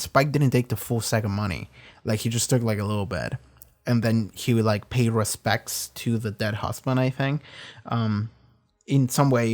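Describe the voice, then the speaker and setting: A man talks through his thoughts on an episode in a loose, off-the-cuff review. He rambles, piles on fillers and restarts, and swears freely. His voice sits at an ordinary middle pitch. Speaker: reaction video host. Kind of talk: casual spoken review.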